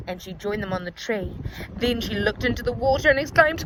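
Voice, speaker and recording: A woman reading a picture book aloud to children in an animated, sing-song way, asking the listener questions along the way. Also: on the high side, normal speed, slight background noise. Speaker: storyteller for children.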